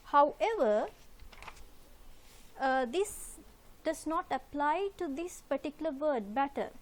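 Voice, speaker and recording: A woman's voice: high voice, lively intonation, takes it slowly. A woman teaching a recorded literature lesson, explaining slides patiently and methodically, repeating key points with frequent fillers.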